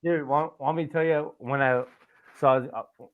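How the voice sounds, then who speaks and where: Over tinny, phone-like audio, a man from Canada hosting a casual podcast chat tells a long, rambling story, often swearing and ending lines with "right?". He speaks at a normal speed in a fairly high voice with fairly even intonation.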